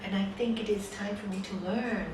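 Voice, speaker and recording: A woman who teaches yoga gives a brisk spiritual talk in a mid-range voice, animatedly telling a story and acting out its voices. She's heard from far off through a distant room mic, in an echoey hall with noisy ambience.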